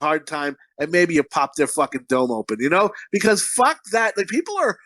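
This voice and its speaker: A man's voice: on the high side, very animated, moderate pace, pushed and bright, dry recording. A man co-hosting a podcast in casual chat, a profane, rambling storyteller who laughs at his own stories. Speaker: podcast co-host.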